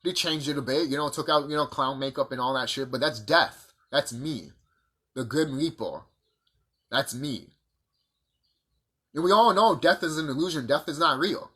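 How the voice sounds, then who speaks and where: Husky guy ranting and cussing into his cam, kinda high, keeps asking what does that tell you. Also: a little fast, few pauses, pushed and bright. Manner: profane, combative, rhetorical questions. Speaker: vlogger. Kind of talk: ranting monologue to camera.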